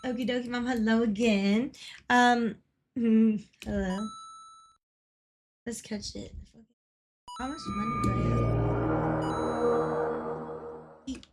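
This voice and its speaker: A woman's voice: a little high, steady tone, takes it slowly, long pauses, over music. A woman streaming a game, chatting casually with viewers, giggling often and swearing freely when she gets worked up. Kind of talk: casual livestream chat.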